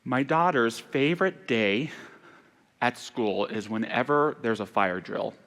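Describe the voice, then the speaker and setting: A man delivering a Sunday sermon as minister, earnest and turning hushed on sorrowful passages. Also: mid-range voice, a little slow. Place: church sanctuary. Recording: long hall reverb in a church.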